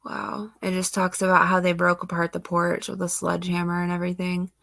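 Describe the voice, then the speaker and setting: A woman's voice: fairly low pitch, completely flat delivery, fairly quick, gravelly, no echo, clean studio sound. A young woman host, emotional and near tears, talking casually about missing-child cases. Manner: emotional, tearful, sighing, soft-spoken. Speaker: true crime channel host. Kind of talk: casual commentary on missing-child cases, reading news aloud.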